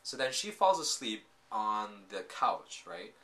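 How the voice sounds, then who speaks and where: A man casually recapping and reviewing a TV drama, telling the story in an animated way full of filler words. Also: fairly low pitch, a little slow, slight background noise.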